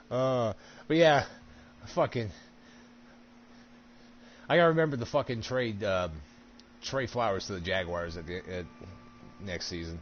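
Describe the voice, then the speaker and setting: A man chatting casually while gaming, animated and profane, laughing often. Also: fairly low pitch, slow, pauses often, highs cut off, slight background noise.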